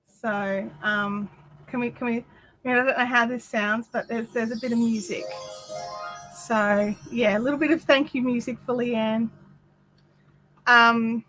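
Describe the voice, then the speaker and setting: A woman's voice: fairly high pitch, fairly even intonation, a little slow, pauses often, fairly bright tone, soft background music. A woman hosting a craft livestream, chatting casually with viewers and reading their comments with lots of fillers and asides.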